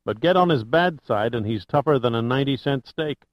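A man's voice: mid-range voice, expressive, a little fast, no echo, lightly acted. Man doing a skeptical serious guy, lo-fi recording. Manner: serious, doubting. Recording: dull lo-fi recording.

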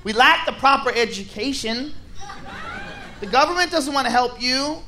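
A male stand-up comedian performing a loud, animated set, shouting punchlines and acting out bits. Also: very high-pitched, moderate pace, slight background noise.

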